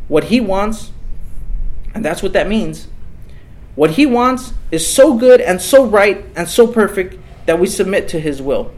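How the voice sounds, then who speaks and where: High-voiced earnest male preacher. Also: a little mellow, low-quality recording. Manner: earnest, repeats key phrases, emphatic. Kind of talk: sermon.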